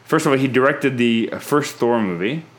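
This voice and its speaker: A man's voice: medium pitch, moderate pace. A man hosting a casual film review chat, talking things through aloud with frequent restarts. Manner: chatty, thinks aloud with restarts. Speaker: podcast host, film reviewer.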